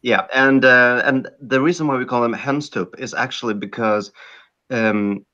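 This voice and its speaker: A man's voice: medium pitch, fairly even intonation, normal speed, sharp tone, highs cut off. A Swedish man speaking English with a Swedish accent, chatting casually on a podcast with many fillers and restarts. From Sweden. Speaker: guest.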